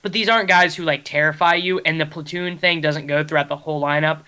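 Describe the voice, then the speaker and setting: A man co-hosting a fantasy baseball show, talking quickly and analytically in casual chat. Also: on the high side, fairly even intonation, bright, forceful tone, clean tone. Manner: quick, analytical, self-deprecating.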